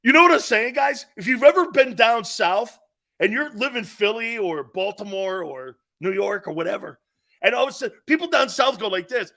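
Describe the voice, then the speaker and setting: A middle-aged man hosting a sports talk show, telling loud, swearing stories and acting out other people's voices. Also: high voice, animated, moderate pace, vocal fry. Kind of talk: animated opinion monologue.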